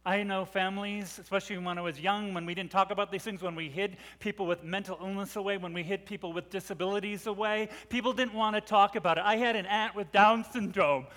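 A middle-aged male preacher with a high voice delivers a sermon as dramatic storytelling. He drops to near-hushed tones, then swells to loud. His voice rings with the long reverb of a big hall. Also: fairly even intonation, fast, few pauses.

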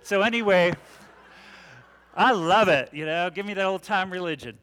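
A man's voice: sits high, normal speed, a bit bright, in a large hall. A man preaching a conversational sermon, asking the congregation questions and leaning on casual fillers. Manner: chatty, asks the congregation questions, many fillers. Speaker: pastor. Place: church sanctuary.

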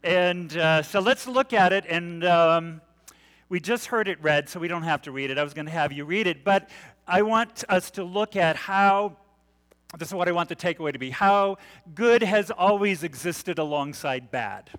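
A man's voice: sits high, normal speed, fairly bright tone, in a large hall. A man preaching a conversational sermon, asking the congregation questions and leaning on casual fillers. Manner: chatty, asks the congregation questions, many fillers. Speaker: pastor. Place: church sanctuary.

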